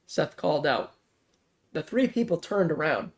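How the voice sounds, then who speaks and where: A man reading a fan-written zombie story aloud in a plain, quick manner, jumping louder for dialogue. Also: on the high side, big pitch swings. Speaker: story reader.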